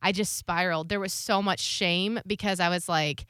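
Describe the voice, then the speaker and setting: A woman's voice: lowish voice, steady tone, moderate pace, a bit bright, smooth, dry recording, clean studio sound. A woman co-hosting a podcast, candidly telling a personal story in casual, confessional chat and swearing now and then.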